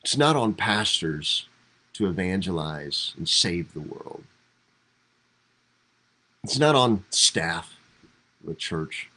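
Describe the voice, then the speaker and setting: A man with a fairly low voice gives a devotional Bible teaching as a pastor. He talks conversationally, lifting his voice when he acts out quoted lines. It comes from a church livestream. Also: very animated, slow, pauses often, bright, forceful tone, poor audio.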